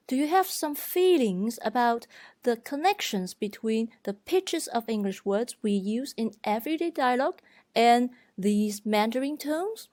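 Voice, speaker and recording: Slow, careful female Mandarin tutor. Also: expressive, darkish tone, no room sound, studio quality. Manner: clear, deliberate, demonstrating pitches. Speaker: Mandarin teacher.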